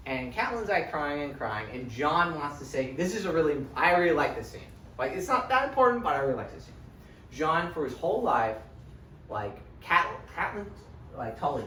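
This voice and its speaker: A young man giving a casual, rambling book recap, animated and full of "like" and "right?". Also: mid-range voice, a little hiss or hum. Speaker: lecturer. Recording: echoey room, distant mic.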